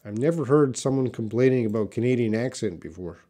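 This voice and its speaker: A man with a medium-pitched, slightly rough voice speaks briskly while teaching English on a live stream. He reads viewers' chat questions aloud and answers in a relaxed way, thinking aloud through many fillers.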